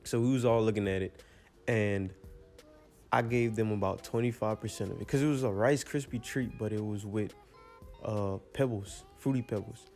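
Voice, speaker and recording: A teenage young man casually telling a rambling storytime, full of slang and animated asides. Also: on the low side, moderate pace, faint music behind. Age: teens.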